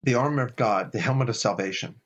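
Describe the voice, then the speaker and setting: A man's voice: mid-range voice, fast talker, fairly bright tone, highs cut off. A middle-aged man, a chaplain, giving an earnest, casual faith talk, thinking aloud with restarts.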